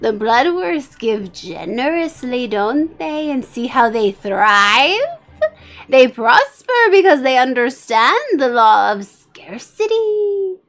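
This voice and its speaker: A woman voicing a scheming male Gollum-like bishop, who preaches a sermon in a drawn-out, hissing, wheedling way. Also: sits high, very animated, a bit bright, voice pushed up, full character voice. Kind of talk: fire-and-brimstone sermon role-play.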